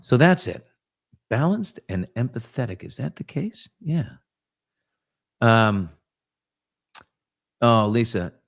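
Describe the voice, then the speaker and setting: A man's voice: medium pitch, sing-song, takes it slowly, creaky, pauses often. A man in his fifties from New York, hosting a casual live chat and answering viewers, rambling and self-reflective with joking asides. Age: 50s. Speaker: host.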